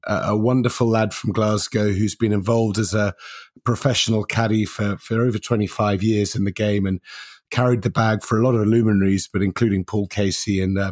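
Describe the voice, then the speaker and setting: A man's voice: fairly low pitch, darkish tone, no echo, clean studio sound. A man co-hosting a casual podcast, rambling and hesitant, with frequent ums and restarts. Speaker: podcast co-host.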